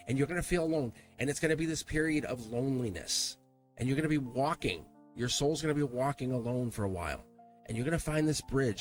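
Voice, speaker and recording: A man hosting a live-streamed tarot reading, speaking earnestly and emphatically and repeating himself for emphasis. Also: medium pitch. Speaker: tarot reader.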